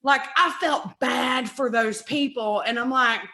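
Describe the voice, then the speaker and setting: A woman talks in a high, bright voice. She chats loosely on a podcast, brash and gushing, swearing freely. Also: a little slow. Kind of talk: casual chat.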